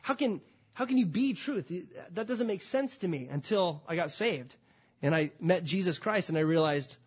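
A man preaching a sermon to a congregation, emphatic, swinging between loud declarations and quiet, drawn-out phrases. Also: high voice, expressive, slightly rough. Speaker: pastor. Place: church before a congregation.

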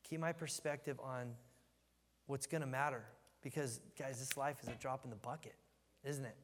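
A man's voice: medium pitch, normal speed, background noise. A man in his thirties giving a casual, joking verse-by-verse Bible teaching in a church hall. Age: 30s. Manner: conversational, joking, animated storytelling. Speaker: preacher. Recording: long hall reverb.

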